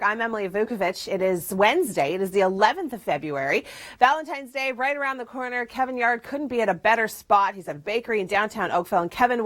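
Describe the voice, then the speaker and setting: A woman's voice: medium pitch, a bit bright. A woman presenting the TV weather forecast in an upbeat, chatty way, leaning on key words. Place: TV studio.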